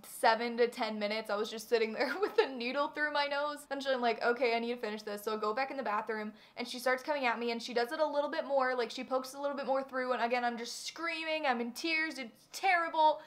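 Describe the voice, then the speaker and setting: A young woman with a high voice tells a storytime vlog. She is animated and dramatic, piling on fillers as she goes. Her delivery is casual and chatty. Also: fast talker, few pauses. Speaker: vlogger.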